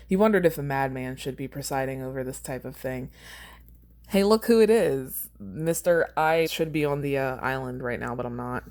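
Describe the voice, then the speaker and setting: A woman's voice: a bass voice, normal speed, a little mellow. A woman hosting a podcast, reading her own fan fiction aloud and chatting casually about it, laughing at her own lines.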